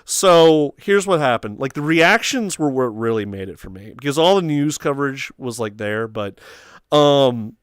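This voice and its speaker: Animated young man telling a story. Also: mid-range voice, moderate pace, clear, resonant tone, dry recording, clean studio sound. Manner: animated storytelling, acts out quotes in squeals and shrieks. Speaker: host. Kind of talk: casual chat.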